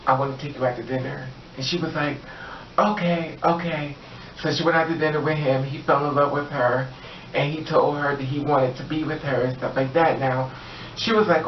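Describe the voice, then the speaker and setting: A man's voice: fairly high pitch, far from the mic, slight background noise. A man telling a story in a casual storytime, acting out the voices of the people in it. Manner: animated, acts out the voices of the people in his story. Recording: echoey room, off-mic, slightly dull.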